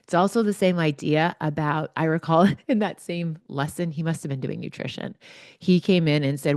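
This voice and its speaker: Low-voiced chatty woman podcast host. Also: normal speed, darkish tone, no echo, clean studio sound. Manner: chatty and anecdotal, with fillers like "like" and "right?". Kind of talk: casual advice podcast talk.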